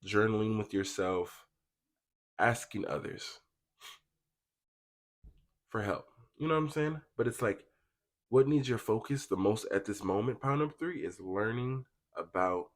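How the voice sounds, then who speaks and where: Young guy doing a tarot reading, kinda low voice, super chatty, lots of slang, talks right to y'all. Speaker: tarot reader. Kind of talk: casual tarot pick-a-card reading.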